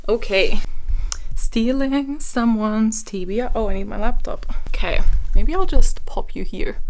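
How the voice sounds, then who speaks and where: A woman hosting a book vlog in casual chat, excitable and gushing, laughing often as she talks. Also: on the high side, slight background noise. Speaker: book vlogger host.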